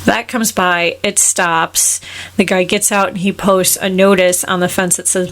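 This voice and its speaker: A woman's voice: fairly low pitch, flat delivery, fairly bright tone. Woman casually recapping a film. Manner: retells the plot with quick acted quotes and laughs. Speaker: podcast co-host.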